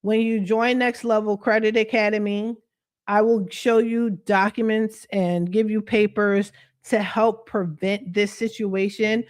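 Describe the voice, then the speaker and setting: A woman's voice: medium pitch, fairly even intonation, unhurried, darkish tone. A woman credit repair coach talking straight to her followers on a livestream, venting bluntly with plenty of profanity and streetwise slang. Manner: streetwise slang, addresses viewers directly.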